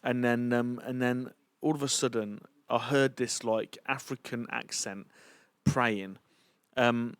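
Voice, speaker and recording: A man's voice: mid-range voice, steady tone, moderate pace, clear, resonant tone, dry recording. A man, sharing a personal testimony as a church leader in an earnest, chatty way.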